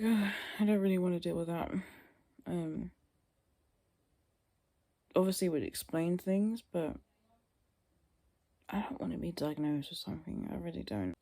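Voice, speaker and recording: A woman's voice: lowish voice, gravelly, darkish tone, breathy edge. A young woman vlogging casually to camera, sleepy and yawning, rambling and trailing off into tired mutters.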